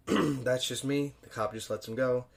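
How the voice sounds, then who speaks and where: Young guy doing a solo movie review podcast, swears a lot, laughs to himself, mid-pitched voice. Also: fairly even intonation, a little slow, gravelly. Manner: loose and profane, chuckling, swinging up loud for emphasis. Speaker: podcast host. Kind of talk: casual solo film review.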